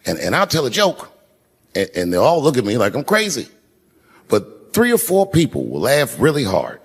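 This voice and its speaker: A man's voice: mid-range voice, moderate pace, breathy edge. A man in his fifties performing a stand-up routine to a live audience, telling stories in a conversational way and jumping suddenly into other voices. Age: 50s. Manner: conversational, animated storytelling with sudden voice shifts. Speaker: stand-up comedian. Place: large live venue with audience. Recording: live hall reverb, faint room noise.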